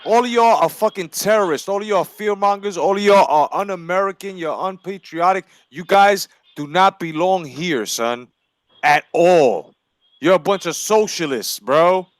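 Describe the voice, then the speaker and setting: A man's voice: sits high, normal speed, no room sound. Heated, foul-mouthed man ranting. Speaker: podcast co-host. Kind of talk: crude ranting chat.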